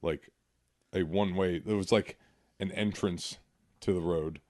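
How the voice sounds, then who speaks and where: A man's voice: deep voice, steady tone, measured pace, a little mellow. A man, a podcast guest, in casual chat, laughing often as he tells a story.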